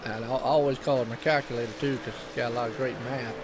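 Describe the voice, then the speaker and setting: A man's voice: medium pitch, steady tone, fast talker, noisy background. A man with a Southern US accent, commentating a sim race broadcast in a chatty way and laughing often.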